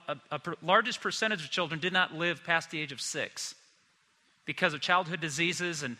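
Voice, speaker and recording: A man's voice: sits high, bright, forceful tone. Guy preaching to his church, chatty, plays out the quotes, hall reverb behind him. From United States. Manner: conversational preaching, acts out quoted voices. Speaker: pastor. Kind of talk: sermon.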